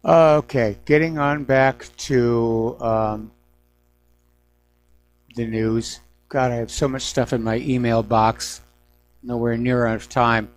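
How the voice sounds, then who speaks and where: A man's voice: mid-range voice, fairly even intonation, slow, long pauses. A middle-aged man hosting a news talk radio show, giving emphatic, indignant opinions on the day's stories.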